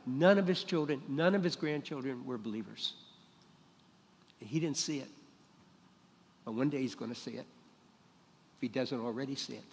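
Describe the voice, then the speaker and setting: A man preaching a sermon as pastor, teaching in a lively way and putting questions to the congregation. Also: mid-range voice, in a large hall. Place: church sanctuary.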